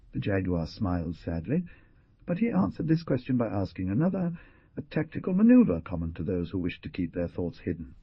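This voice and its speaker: Husky guy reading an old adventure novel, dramatic, lots of pitch swings. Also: very animated, moderate pace, no echo. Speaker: audiobook narrator. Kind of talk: scripted narration. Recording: dull dry lo-fi recording.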